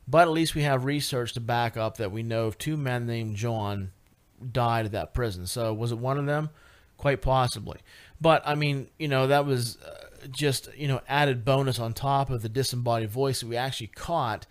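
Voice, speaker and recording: Radio guest, a man telling a ghost-hunt story, animated and halting, average pitch. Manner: animated, lots of fillers and restarts, rising excitement. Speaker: paranormal investigator guest. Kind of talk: casual radio interview storytelling.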